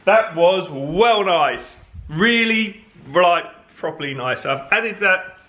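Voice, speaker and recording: A man's voice: sits high, animated, slow, pushed and bright. A middle-aged British man hosting a family home vlog, chatting casually and jokingly. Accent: British English. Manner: chatty, jokey, says "well nice" and "me app". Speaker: vlog host. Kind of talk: casual chat. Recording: echoey room, faint background noise.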